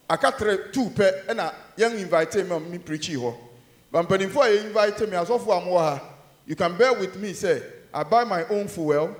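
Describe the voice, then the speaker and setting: A Ghanaian man preaching in a church, his fairly high voice ringing in a roomy hall. He preaches emphatically, rising loud on key points and dropping to low murmurs. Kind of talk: sermon mixing Twi and English.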